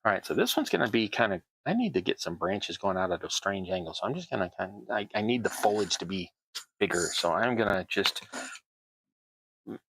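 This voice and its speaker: A man's voice: fairly low pitch, very animated, a little fast, fairly bright tone, slightly rough, poor audio. A middle-aged man with a Southern American accent chatting casually through a hobby crafting tutorial, rambling with self-deprecating asides. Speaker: host, terrain crafter.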